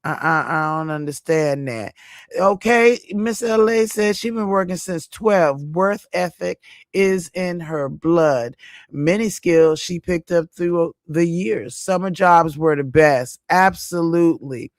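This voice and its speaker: A woman's voice: fairly low pitch, slow, no echo, clean studio sound. A woman hosting a casual live stream, reading viewer chat aloud, chatty and emphatic, repeating her points and addressing viewers by name.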